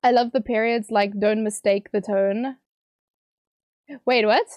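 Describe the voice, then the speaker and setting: A woman streamer reading out viewer messages on a livestream, teary and emotional, bubbly and quick to laugh. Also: medium pitch, steady tone, a little mellow, no room sound.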